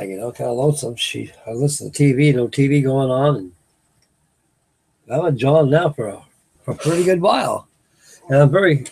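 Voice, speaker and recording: A man's voice: medium pitch, creaky, breathy edge. An older man, rambling folksily as host of a late-night live chat with his viewers. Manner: folksy, meandering, restarts sentences. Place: home at night.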